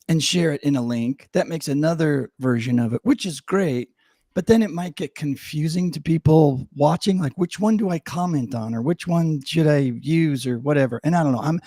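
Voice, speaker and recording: A man's voice: on the high side, warm tone, no room sound, clean studio sound. A middle-aged man co-hosting a live show, chatting casually with plenty of fillers and restarts, and slipping into a mock news-anchor delivery for headlines. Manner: rambling, many fillers and restarts. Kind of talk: casual live-stream chat.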